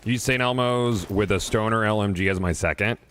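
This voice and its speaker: While streaming a video game, a man chats casually at a desk microphone, swearing and rambling loosely with frequent restarts. His voice is fairly low in pitch, at a normal speed, a bit bright and smooth.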